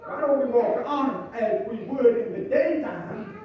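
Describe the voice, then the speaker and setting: A man's voice: very high-pitched, big pitch swings, measured pace. A man preaching a folksy sermon with humorous asides to his congregation. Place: church sanctuary. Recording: echoey church room from a distant mic, dull sound.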